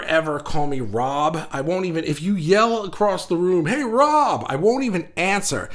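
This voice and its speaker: A man hosts a casual livestream, rambling along and reading viewer comments aloud, often restarting his sentences. His voice is a little high with a fairly bright tone.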